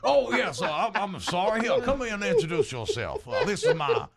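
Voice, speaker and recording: A man voicing a pushy, overly polite drawling gentleman who pleads in florid phrases full of stammered fillers. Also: high-pitched, huge pitch swings, normal speed, gravelly, a crowd in the background, pitched above the performer's own voice, exaggerated voice. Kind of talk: tabletop role-play.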